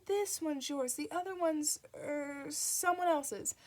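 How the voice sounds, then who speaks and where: A woman reading aloud, voicing a chattering, flustered nun in a raised, gushing voice. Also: takes it slowly. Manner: bright, gushing and higher.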